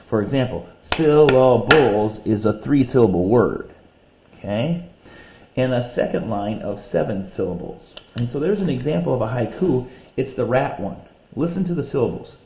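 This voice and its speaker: A man's voice: mid-range voice, animated, mellow, a little hiss or hum. A man teaching a reading lesson, patiently explaining poems step by step and counting out syllables. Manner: reads poems slowly and deliberately. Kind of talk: recorded classroom reading lesson.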